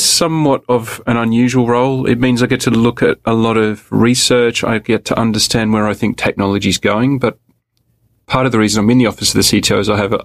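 A man with a low, gravelly voice, a guest on a podcast, explaining things in a measured way. His voice sounds dry and close, with no room echo. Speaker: interview guest. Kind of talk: podcast interview.

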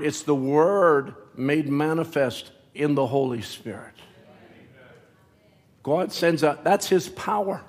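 A man preaching a sermon in a church, slow and deliberate, with asides to the congregation, troubled by a cough. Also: fairly high pitch. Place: church sanctuary.

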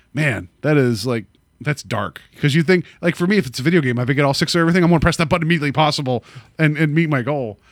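Animated rambling man, dry close sound. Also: mid-range voice, no echo. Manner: animated, rambling with many fillers. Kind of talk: casual movie discussion.

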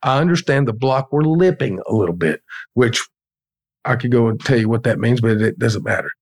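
A man's voice: medium pitch, lively intonation, fairly quick. A man, a business owner telling blunt, profane stories as a podcast guest. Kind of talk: casual storytelling.

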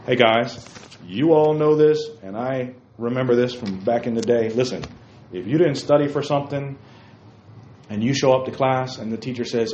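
In a church room, a man with a medium-pitched, darkish voice preaches a sermon to a group of young men at a moderate pace. He is emphatic, repeating key phrases and calling listeners by name. The recording is roomy, dull and lo-fi, with faint noise.

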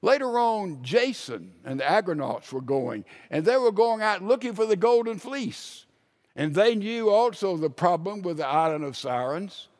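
Higher-voiced preacher telling a story. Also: male voice, lively intonation, normal speed. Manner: storytelling preacher, swings from loud to hushed. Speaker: pastor. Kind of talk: sermon.

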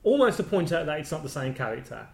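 A man's voice: a little high, very animated, fast talker, gravelly. A man in casual conversation, enthusiastically retelling comedy scenes and laughing along. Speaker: podcast host. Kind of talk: casual film chat.

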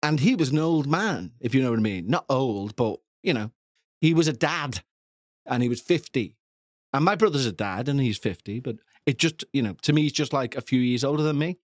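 A man's voice: medium pitch, animated, a little fast, dry recording. Jokey man in his forties, dry mic. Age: 40s. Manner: jokey, digressive, self-deprecating. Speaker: podcast host. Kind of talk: casual rambling monologue.

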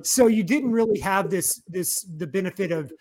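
A man's voice: sits high, expressive, normal speed, a little mellow. A man hosting an interview, asking long, rambling questions with restarts. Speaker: interview host. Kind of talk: casual interview.

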